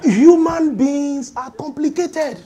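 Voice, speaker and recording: Man preaching a lively sermon, high pitched, lots of amens back and forth. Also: slow pace. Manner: animated preaching with call-and-response. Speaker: pastor.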